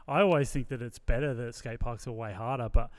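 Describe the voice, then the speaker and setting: A man's voice: mid-range voice, fairly even intonation, brisk. A man hosting a podcast, chatting thoughtfully and casually with restarts.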